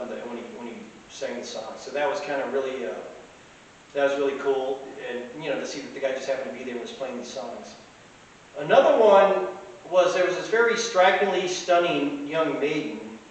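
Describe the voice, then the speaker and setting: Rambling man in an echoey room. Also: mid-range voice. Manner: rambling, with frequent fillers and restarts. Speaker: podcast host. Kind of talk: casual anecdotal storytelling. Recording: very echoey room, mic at a distance, faint hiss.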